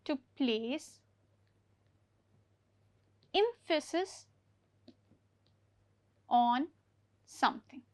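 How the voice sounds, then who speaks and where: A woman teaching an English grammar lesson for exam preparation, explaining each point slowly and repeating key words. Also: sits high, lively intonation, darkish tone, no room sound.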